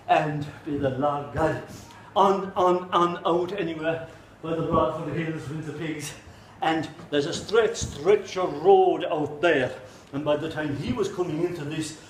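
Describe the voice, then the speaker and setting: A man with an Irish accent telling a folk tale live in an animated way, full of comic asides. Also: on the high side, roomy sound, slight background noise, poor audio. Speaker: storyteller.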